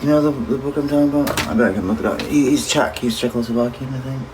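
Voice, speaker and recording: A man's voice: mid-range voice, fast, background noise. A man chatting casually on a livestream, talking straight to his viewers and swearing freely.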